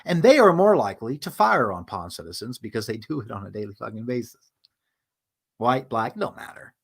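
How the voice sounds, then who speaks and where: A man's voice: mid-range voice, animated, brisk, creaky, husky. A man hosting a stream, telling a story in a casual, profane monologue and acting out the voices of people he quotes. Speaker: livestream host.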